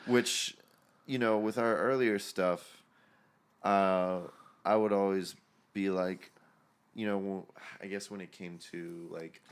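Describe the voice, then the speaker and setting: A laid-back young man talks on a podcast in a halting way, often trailing off. His voice is very deep and sounds smooth and resonant. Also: steady tone. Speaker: podcast co-host and band member. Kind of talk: casual chat.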